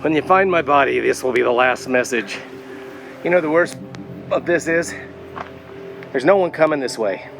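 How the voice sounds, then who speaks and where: With music playing behind him, a medium-pitched man speaking at normal speed, with vocal fry and frequent pauses, vlogs outdoors on a handheld phone. Walking a rural pilgrimage trail, he narrates and chats selfie-style, sounding frustrated, sarcastic and swearing a lot.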